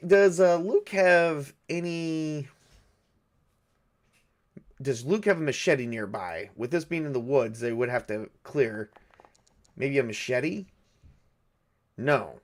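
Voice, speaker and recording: A man narrating a solo tabletop game, thinking aloud with frequent hesitations and fillers. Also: on the high side. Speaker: game master and solo player.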